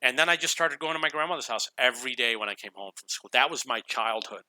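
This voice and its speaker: A man's voice: medium pitch, animated, fast, sharp tone, dry recording. A man telling a rambling personal story in a casual way over gameplay, chuckling now and then. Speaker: gaming YouTuber.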